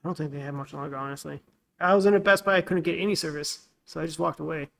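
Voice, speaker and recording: A man's voice: a little high, quick pace, vocal fry. A man co-hosting a casual podcast, who often murmurs agreement and rants in frustration. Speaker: podcast co-host. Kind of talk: casual chat.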